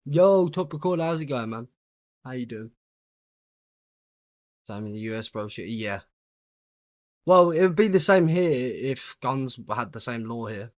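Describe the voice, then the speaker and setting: A young man with a British accent talks through his livestream in a relaxed, chatty way, greeting viewers by name and answering their questions as he plays. His voice sits at an ordinary middle pitch. The sound is dry and close, with no room echo. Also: unhurried, long pauses. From United Kingdom. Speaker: gaming livestreamer. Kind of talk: casual livestream chat while playing.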